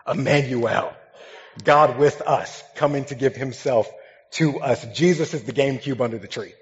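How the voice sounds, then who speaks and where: A young man, a pastor, gives a sermon built on a funny childhood story, talking in a relaxed, conversational way. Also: medium pitch. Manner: humorous, conversational, lively storytelling. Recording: dull sound with long hall reverb.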